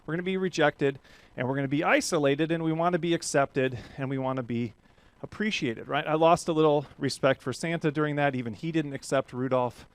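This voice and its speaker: A middle-aged man giving a motivational keynote talk to a live audience, energetic and full of rhetorical questions. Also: a little high, brisk, clean tone, no echo. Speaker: professional speaker. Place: event stage before a live audience.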